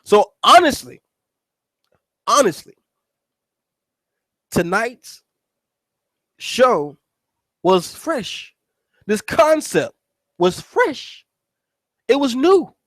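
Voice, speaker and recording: A man's voice: very high voice, very animated, drawn-out words, pauses often, a bit bright, no echo, rough recording. A man hosting a casual wrestling recap, rambling and cursing as he restarts his sentences. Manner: rambling, profane, repeats words and restarts. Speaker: wrestling show host.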